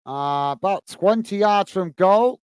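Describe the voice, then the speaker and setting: A man's voice: high voice, expressive, slow, a little mellow, clear, resonant tone, no echo. A man with a British accent hosting a football watch-along, calling the play and chatting with viewers by name, with frequent "uh" fillers. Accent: British English. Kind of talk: live football commentary and chat reading.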